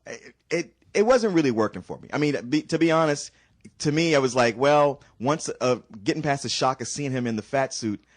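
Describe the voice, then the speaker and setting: A man's voice: medium pitch, lively intonation, brisk. A man on a casual film review podcast, stumbling over his words but blunt in his criticism.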